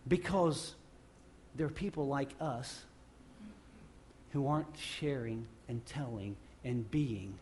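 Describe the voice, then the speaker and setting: A male pastor preaching a sermon off the cuff, swinging from loud emphatic bursts to quiet low passages and often restarting his phrases. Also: takes it slowly, pauses often, a little hiss or hum. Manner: repeats and restarts phrases while speaking off the cuff.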